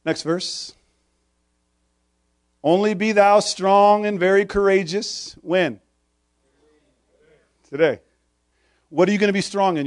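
A man's voice: high-pitched, dry recording, studio quality. A man preaching a sermon, quoting old-fashioned scripture and firing short questions at the congregation.

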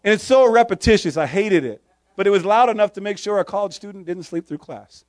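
A man's voice: high-pitched, animated, a little fast, dry recording, clean studio sound. A man preaching a sermon, quoting old-fashioned scripture and firing short questions at the congregation.

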